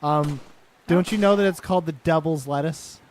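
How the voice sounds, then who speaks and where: A man's voice: fairly high pitch, moderate pace, a little mellow, a little hiss or hum. A young man co-hosting a gameplay video, joking around in playful casual banter. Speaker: co-host.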